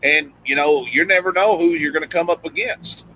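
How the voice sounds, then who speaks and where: A middle-aged Tennessee man talks loosely on a live stream, padding his sentences with fillers and restarts. His country accent is plain, and his voice is very bright and edged. A faint background hum runs under him. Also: on the high side, moderate pace, poor audio. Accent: Southern US, Tennessee. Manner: rambling, frequent "you know" fillers and restarts. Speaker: livestream host. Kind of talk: casual live-stream chat.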